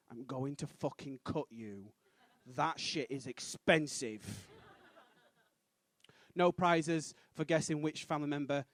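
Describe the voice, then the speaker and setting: Lively high-voiced comic. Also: male voice, no room sound. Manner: quick punchy delivery with sudden loud punchlines and voices. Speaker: stand-up comedian. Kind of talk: stand-up set. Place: comedy club stage.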